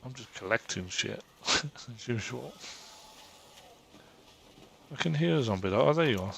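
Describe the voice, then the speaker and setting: A man's voice: medium pitch, expressive, unhurried, gravelly. A man chatting easily while gaming, making short offhand remarks. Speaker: gamer. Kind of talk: casual gaming chat over voice comms.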